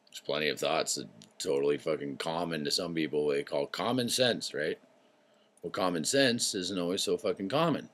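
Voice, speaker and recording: Low-pitched male host, meandering casual monologue, profane, keeps clearing his throat. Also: a bit bright. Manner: wandering, tangent-prone, swears freely, clears throat often. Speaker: show host.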